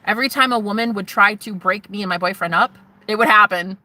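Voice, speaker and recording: Woman, livestream host, rambling, dreamy, giggly then hushed, bright sharp voice. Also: medium pitch, quick pace, dry recording. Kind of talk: rambling live-stream chat.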